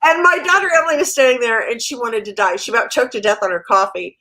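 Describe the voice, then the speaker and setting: A woman's voice: a little high, fast, bright, forceful tone. A middle-aged woman from the Midwest, a guest author telling funny stories in a casual interview, laughing often. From American Midwest.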